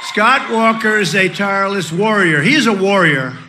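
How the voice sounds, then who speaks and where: A man giving a political rally speech, introducing candidates in a boastful, repetitive, ad-libbing way, shouting his punchlines. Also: high voice, animated, moderate pace, noisy background.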